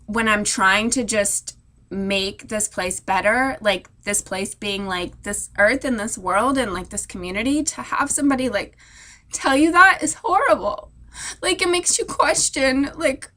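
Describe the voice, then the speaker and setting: High-voiced young woman crying while vlogging. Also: a little slow, sharp tone. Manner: rambling, many "like" fillers. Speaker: military spouse. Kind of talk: emotional personal vlog. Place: hotel room.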